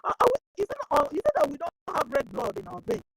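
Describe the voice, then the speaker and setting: A Nigerian woman delivers passionate activist commentary in a high, gravelly voice. Her talk is a plea, full of rhetorical questions, and now and then it turns into prayer. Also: sing-song, fast, a bit bright, no room sound, rough recording. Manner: switches into Igbo prayer. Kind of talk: impassioned spoken commentary.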